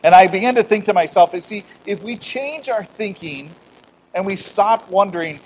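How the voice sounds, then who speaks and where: A middle-aged man preaching a conversational sermon, swinging from loud emphatic declarations to quiet storytelling with self-deprecating humor and acted-out dialogue. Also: high voice, normal speed, slight background noise, low-quality recording. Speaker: pastor.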